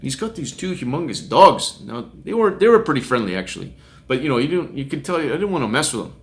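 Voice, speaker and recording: A middle-aged male street minister tells a testimony in a loose, conversational way. He chuckles often and slips into quick impressions of the people in his story. His voice sits at an ordinary male pitch. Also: very animated. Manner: chuckles often while recounting, acts out quoted voices.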